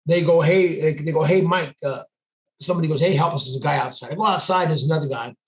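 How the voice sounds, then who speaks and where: On a podcast, a man who's a police sergeant recounts a story quickly in a slightly high voice. His telling is intense and casual, full of quoted dialogue, and the recording picks up room echo.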